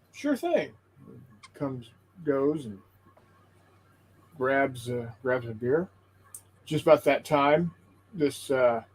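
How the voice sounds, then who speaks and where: A man with a slightly husky, somewhat raised voice tells a long, meandering joke to his friends on a gaming stream. He stalls often, repeating words and restarting lines as he builds up the story. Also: a little high, a little mellow, rough recording. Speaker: co-host of a tabletop painting stream. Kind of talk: casual joke-telling on a stream.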